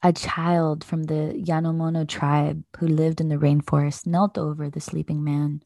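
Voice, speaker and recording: Woman, deep voice, gravelly, children's book reading, measured, dry close sound. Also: level tone, warm tone, no echo. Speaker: podcast host.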